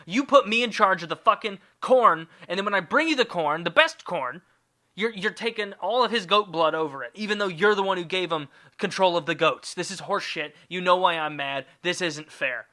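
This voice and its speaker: A man's voice: high voice, fast, few pauses, pushed and bright, pitched above the performer's own voice. A man voicing Cain as a bitter, indignant young farmer who rants in a whiny, raised voice.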